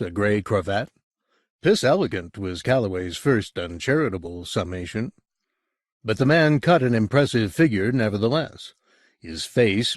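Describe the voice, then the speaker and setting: An audiobook narrator reads in a measured, even storytelling style. His voice sits on the low side, and the recording is clean studio sound with no room sound.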